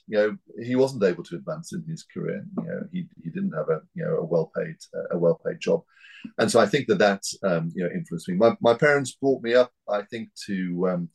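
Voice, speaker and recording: A man in his fifties from North East England, speaking as an interview guest in a measured, hesitant way with many fillers and restarts. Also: low voice, vocal fry, a little mellow, breathy edge, poor audio. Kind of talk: reflective interview talk.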